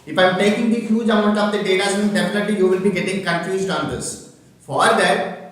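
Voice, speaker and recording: A man teaching an online workshop, halting and full of fillers, often checking that he can be heard. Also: sits high, steady tone, a bit bright. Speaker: workshop trainer. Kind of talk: online lecture with screen demonstration. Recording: very echoey room, from far off the mic.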